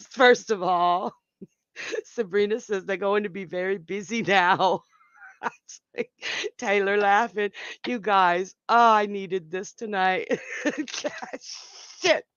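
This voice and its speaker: A man's voice: high-pitched, slow, a bit bright, clear, resonant tone, dry recording, muffled recording. A man hosting a live psychic show, giving a tarot reading and chatting with viewers as he reads out their comments. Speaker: psychic host.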